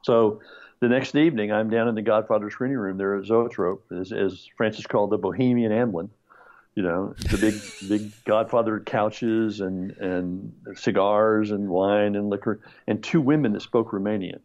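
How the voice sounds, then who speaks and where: A man with a lowish voice speaks at normal speed on a muffled recording. As a screenwriter guest in a conversational interview, he tells a long anecdote, acting out the voices of those he quotes. He's an animated storyteller who laughs often.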